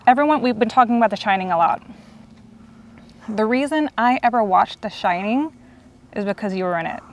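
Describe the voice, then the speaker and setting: In a lo-fi recording, a woman in her forties speaks fairly quickly with a fairly high voice and lively intonation. As host, she offers an emotional fan tribute, earnestly gushing to her guest about what the guest's work means to her, nearly in tears.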